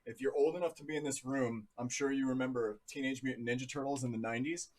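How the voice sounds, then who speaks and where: A man's voice: mid-range voice, steady tone, quick pace, darkish tone. A man in his thirties from New Jersey, casually talking through charts on a live stream in a chatty, jokey way. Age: 30s. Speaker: crypto livestream host.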